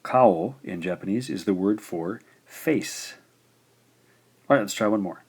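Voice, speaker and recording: A man teaching beginner Japanese writing, explaining stroke order patiently and sounding out syllables slowly and deliberately. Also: lowish voice, a little mellow, husky. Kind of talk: instructional explanation.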